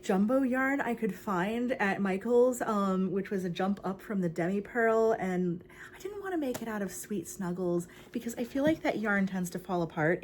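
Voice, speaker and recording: A woman's voice: mid-range voice, darkish tone, slight background noise. Young woman, bubbly and chatty, for a casual home crafting vlog. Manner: bubbly, chatty, lots of fillers. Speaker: crochet vlogger.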